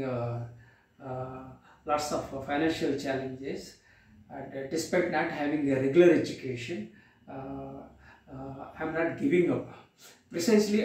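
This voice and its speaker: A man giving a motivational talk to camera, halting, with many pauses and filler sounds and repeated words as he restarts. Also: fairly high pitch, a little mellow. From India. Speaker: vlogger. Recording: very echoey room, distant from the mic.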